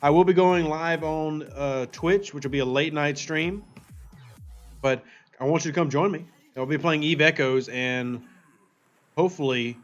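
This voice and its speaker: A man's voice: medium pitch, muffled recording. A man hosting a casual gaming livestream, reading viewer chat aloud and answering playfully. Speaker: livestream host.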